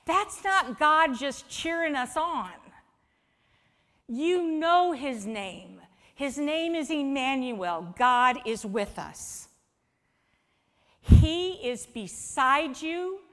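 A woman delivering a sermon in a church sanctuary, her voice bright and fairly high. She speaks slowly and conversationally, dropping into soft asides and then lifting for emphasis. The room gives a long, lingering reverb. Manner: conversational, coaxing, shifts between soft asides and lively emphasis. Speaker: preacher. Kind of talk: sermon with a live object lesson.

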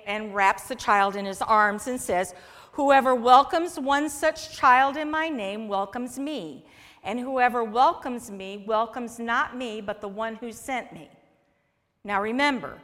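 A woman's voice: on the high side, fairly bright tone. A woman pastor preaching a sermon in a conversational way, acting out quoted lines as she goes. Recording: long echo of a large hall.

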